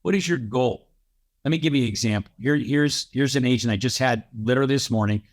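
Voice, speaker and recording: Man, brisk real estate coach, punchy delivery, lists points fast. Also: medium pitch. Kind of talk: emphatic coaching talk.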